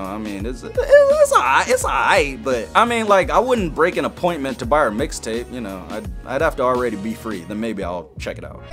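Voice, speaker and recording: A young man doing a playful roast while reacting to a music video, with sudden squeaky high outbursts. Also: fairly bright tone. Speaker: comedy reaction youtuber. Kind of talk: joking reaction commentary.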